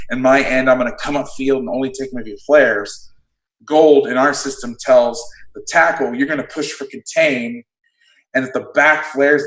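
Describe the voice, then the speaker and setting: A man who coaches football, breaking down defensive play calls in a casual chat, blunt and quick to swear. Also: medium pitch, fairly bright tone. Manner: blunt, swears freely, explains plays in detail. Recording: roomy echo.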